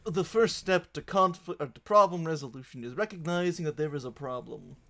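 A man's voice: fairly high pitch, brisk, creaky, pushed and bright. A man narrating as game master of a tabletop game, with a wry, mock-pompous manner.

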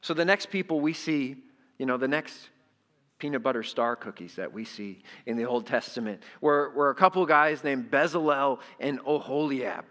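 A man's voice: medium pitch, expressive, normal speed, a bit bright. A middle-aged male pastor preaching a sermon in a conversational way, often asking the congregation questions. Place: church sanctuary. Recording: echoey hall.

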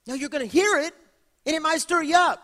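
A man preaching a sermon as pastor, swinging from hushed asides to shouted preaching. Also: extremely high pitch, brisk. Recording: long hall reverb.

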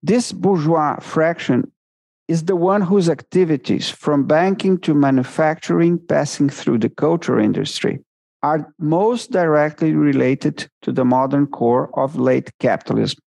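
A man from Brazil, giving an academic lecture in English as a seminar guest speaker, measured and deliberate with self-corrections. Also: a little high, creaky, darkish tone. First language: Portuguese.

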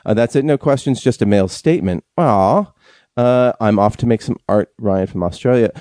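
A man co-hosting a casual podcast, talking haltingly with lots of fillers and restarts. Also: lowish voice, dark tone, dry recording, clean studio sound. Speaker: podcast co-host.

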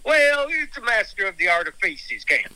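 A man's voice: sits high, sing-song, moderate pace, pushed and bright, dry recording, exaggerated voice. A man voicing a dim, giggly redneck male mechanic who calls in by phone, stumbling over his words. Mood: earnest. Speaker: phone-in guest. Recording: tinny phone line.

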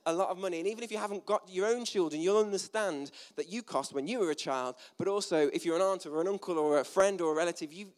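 A British man giving a sermon in a church hall, chatty and self-deprecating, with jokey asides. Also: fairly high pitch. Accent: British English. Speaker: preacher. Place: church hall with a gathered audience.

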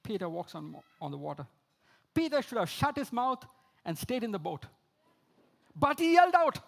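A man preaching a sermon, repeating key phrases, calling listeners friends, and swinging between emphatic outbursts and low, quiet lines. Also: sing-song, moderate pace, gravelly. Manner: rises to emphatic high exclamations, drops low for quoted lines.

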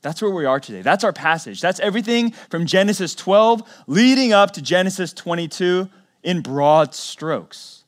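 A man preaching a sermon as pastor, telling the story in a conversational way and swinging between loud emphatic lines and quiet low ones. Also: lively intonation, normal speed. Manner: conversational storytelling with acted quotes.

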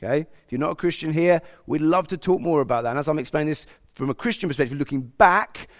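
A man preaching a sermon, animated and sometimes speaking God's thoughts aloud. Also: on the high side, quick pace. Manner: animated, acts out God's inner voice.

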